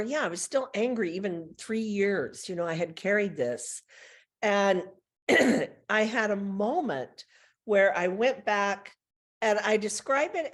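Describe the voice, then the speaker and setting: A woman on a video call telling a personal story in a reflective, unhurried way, pausing as she thinks. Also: medium pitch. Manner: reflective, tells personal stories with pauses.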